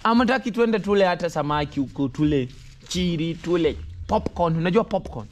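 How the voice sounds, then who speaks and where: A man's voice: a little high, lively intonation, fairly quick. Man vlogging casually with his kids. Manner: switches between broken English and coaxing talk with children. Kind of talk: casual family vlog talk.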